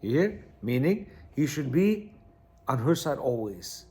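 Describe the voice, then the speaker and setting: A man's voice: medium pitch, very animated, unhurried, darkish tone. A man teaching a class, reading from a text and explaining it, repeating phrases and checking in with his listeners.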